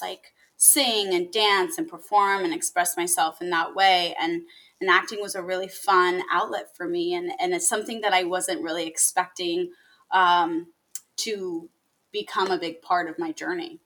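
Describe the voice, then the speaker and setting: Woman, podcast guest, bright tone, animated, chatty with restarts. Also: fairly low pitch, normal speed, low-quality recording. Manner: animated, many likes and restarts. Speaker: guest, actress and musician. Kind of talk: casual podcast chat.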